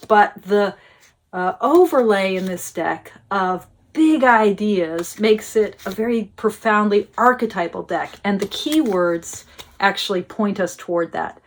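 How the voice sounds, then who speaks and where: A woman teaching tarot, explaining ideas at a measured pace, often checking in with her listeners and pausing on filler sounds. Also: mid-range voice, a little hiss or hum. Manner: thoughtful, checks in with listeners, many filler uhs. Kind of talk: explanatory talk to camera.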